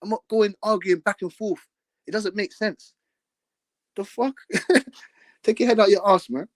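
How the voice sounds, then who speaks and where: A man's voice: high voice, a little slow, no echo. A young man, hosting a live stream and trading brash, profane trash talk in a heated argument.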